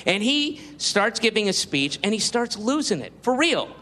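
A man's voice: high voice, very animated, normal speed. A man telling a rambling, profane stand-up story to an audience, full of fillers. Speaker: stand-up comedian. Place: comedy stage before an audience. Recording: live club, loud crowd and noise.

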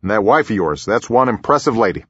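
A man voicing a brisk, friendly older male president with a chummy, folksy manner, in a slightly muffled recording. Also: on the low side, animated, a bit bright, slightly rough, dry recording, full character voice. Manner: chummy, back-slapping, quick asides.

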